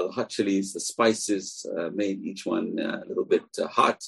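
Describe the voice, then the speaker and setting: A man giving a sermon, earnest and emphatic, slowing down to stress key lines. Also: low-pitched, gravelly, breathy edge. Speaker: rabbi.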